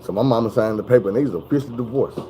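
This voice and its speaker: A young man spins a story out loud, casual and animated, cussing freely. His voice sits in a middle pitch. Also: rapid-fire, a little hiss or hum, rough recording. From Arkansas. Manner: animated, profane, conversational.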